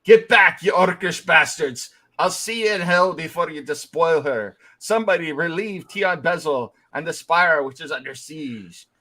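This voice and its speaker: Tabletop game: man voicing a ghostly old dwarf knight, stubborn, archaic speech, bright edge. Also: medium pitch, measured pace, rough recording. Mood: furious. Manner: archaic, defiant, bellowing at intruders.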